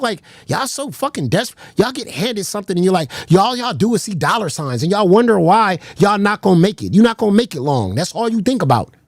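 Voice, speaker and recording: A man's voice: high-pitched, creaky, dry recording, clean studio sound. A man hosting a stream, ranting in slangy, swearing, mocking talk. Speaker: stream host. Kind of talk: casual ranting commentary.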